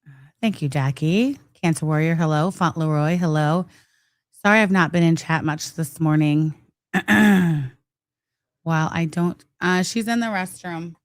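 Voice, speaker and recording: A woman's voice: low-pitched, measured pace, no room sound. A woman, sick with the flu, chatting on a livestream and thanking viewers. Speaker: livestream co-host. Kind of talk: casual livestream commentary.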